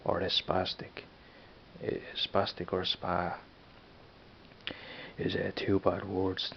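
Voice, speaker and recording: A young Dublin man talks loosely to the camera, with a deep, flat, gravelly voice. He rambles and repeats words as he goes. The recording is dull and lo-fi, with a faint hiss behind him. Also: slow pace. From Ireland. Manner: rambling, repeats words, frequent "you know what I mean". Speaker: vlogger. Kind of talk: casual accent-tag vlog.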